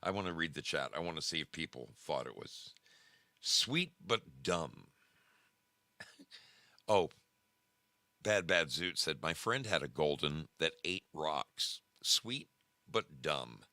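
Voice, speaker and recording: A man hosting a casual livestream, animated and emphatic, often repeating himself. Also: extremely low pitch, unhurried, no room sound. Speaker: show host.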